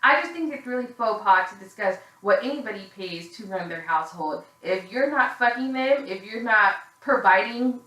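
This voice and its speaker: A woman delivers a casual, opinionated recap, candid and gossipy, cursing without hesitation and leaning on fillers. Her voice is bright and forward, and it rings off the hard walls of an echoey room. She sounds a little worn out. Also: fairly high pitch, expressive, moderate pace, hardly any pauses. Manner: candid and gossipy, swears freely, frequent fillers. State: tired. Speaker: reality TV recap reviewer.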